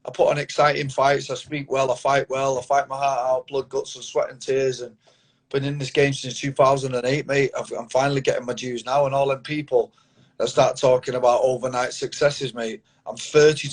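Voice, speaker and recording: A man's voice: mid-range voice, flat delivery, moderate pace. A Mancunian man in his thirties, a fighter talking bluntly and confidently in a casual interview, swearing often and calling the host mate, over a phone or video call. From Manchester, England. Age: 30s.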